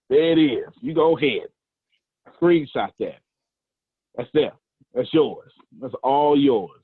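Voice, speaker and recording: A man's voice: mid-range voice, dry recording. Emphatic man coaching a call. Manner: emphatic, preachy, slangy, teasing the audience. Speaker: motivational coach hosting a group call. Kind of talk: lively coaching talk on a video call. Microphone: video call audio. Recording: tinny, dry call audio.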